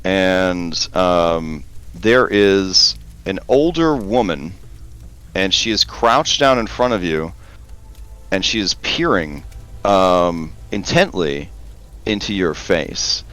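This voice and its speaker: A man narrating as game master in a relaxed, hesitant way with many pauses and ums. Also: sits low, clean tone.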